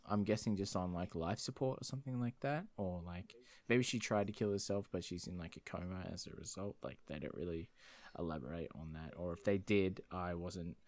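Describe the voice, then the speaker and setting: Low-voiced man rambling through a plot. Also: a little fast, darkish tone. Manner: rambling, hedging with many fillers. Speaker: podcast co-host. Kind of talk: casual movie recap chat.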